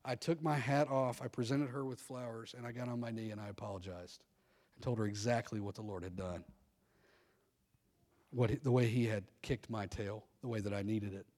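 A man's voice: fairly low pitch, fairly even intonation, normal speed, darkish tone. A middle-aged male pastor preaching a sermon, telling candid personal stories and calling for amens. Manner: preaching with call-and-response amens, candid storytelling.

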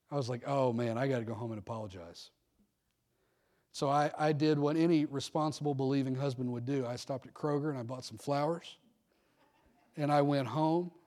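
A man's voice: a little high, a little mellow. Preaching man, call-and-response amens. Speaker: pastor. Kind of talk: sermon.

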